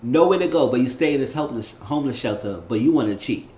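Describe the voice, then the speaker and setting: Male show reviewer, casual rambling recap, mid pitch, echoey and slightly muffled room sound. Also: animated, quick pace, mellow. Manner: loose, rambling retelling with restarts. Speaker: TV show reviewer on his channel. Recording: roomy, slightly dull home recording.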